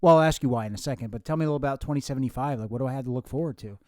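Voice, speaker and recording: A man's voice: mid-range voice, very fast, a little mellow, no echo. A man hosting his own comedy show, baffled and exclamatory as he questions a visitor. His voice is in the middle range. The sound is dry and close to the mic. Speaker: host. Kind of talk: comedy sketch, talking to himself.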